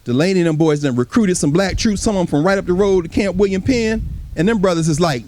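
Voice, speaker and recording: A man giving an animated history lecture to a live audience, talking casually and straight to the listeners and acting out voices from the past. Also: high voice, fast talker, slight background noise. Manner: casual, colloquial speech.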